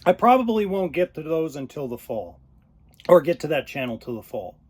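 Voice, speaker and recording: A man hosting his own podcast, talking unscripted, choked up and pausing often. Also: on the high side, very animated, a little mellow, husky. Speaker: podcast host. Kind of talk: unscripted solo podcast talk.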